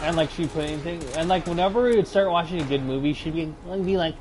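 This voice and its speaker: Over music, a young man with a fairly high voice talks quickly, hardly pausing at all. He's a channel host rambling through personal stories casually, hesitating and restarting with lots of fillers.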